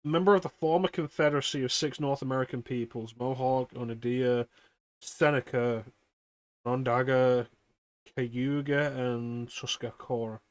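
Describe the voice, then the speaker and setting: A man's voice: mid-range voice, steady tone, no room sound. A man hosting a game stream, chatting casually and swearing as he jokes and reads things aloud. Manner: crude, joking, reads aloud haltingly. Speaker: streamer host. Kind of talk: casual chat while gaming.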